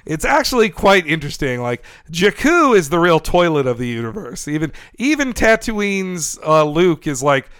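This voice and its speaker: A man hosting a casual podcast discussion, enthusiastic and quick to laugh, who shares trivia. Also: fairly high pitch, sing-song, fairly bright tone, clean tone, no echo, studio quality. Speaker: podcast host.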